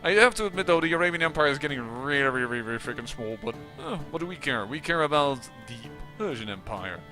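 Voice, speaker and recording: A man's voice: fairly high pitch, expressive, quick pace, music in the background. A man giving casual, musing commentary on a strategy game, with occasional exasperated outbursts. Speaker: let's play commentator.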